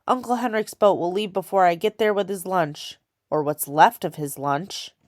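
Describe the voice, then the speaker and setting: A woman voicing a spirited, quick-witted young girl who chatters and pushes back boldly. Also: on the low side, dry recording, studio quality, natural voice. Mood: defiant. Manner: chattering, then defiant and tearful.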